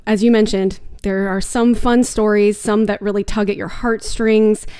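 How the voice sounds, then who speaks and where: A woman hosting a public radio interview, asking friendly, measured questions. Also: mid-range voice, little pitch movement, warm tone, clean tone, dry recording, studio quality.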